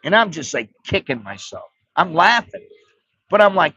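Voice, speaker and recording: A man's voice: fairly high pitch, very animated, moderate pace, bright, forceful tone, slightly rough, no echo. An American man giving blunt, profane, rambling advice on a casual livestream. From United States. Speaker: vlogger.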